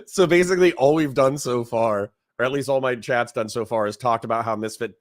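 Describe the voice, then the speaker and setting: A man's voice: medium pitch, a little fast, hardly any pauses, no echo, clean studio sound. A man giving casual live-stream commentary, chatty, laughing often and reading out chat messages. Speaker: streamer reacting to a debate.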